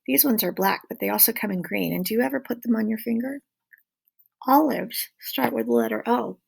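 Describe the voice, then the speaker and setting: A woman with a fairly high voice teaches a children's phonics lesson. She talks slowly and clearly, drawing out the vowel sounds so little learners can copy them. Her tone stays patient and encouraging.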